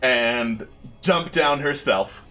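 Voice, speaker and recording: A man runs a tabletop game as game master, narrating with a playful, lively touch. His voice is bright and forceful. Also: mid-range voice, very slow, faint music behind.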